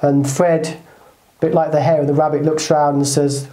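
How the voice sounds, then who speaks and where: A man with a somewhat high voice tells an animated motivational story. He acts out the characters as he goes. His voice rings in a roomy echo. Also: moderate pace, noisy background. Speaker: co-host. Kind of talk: casual motivational chat.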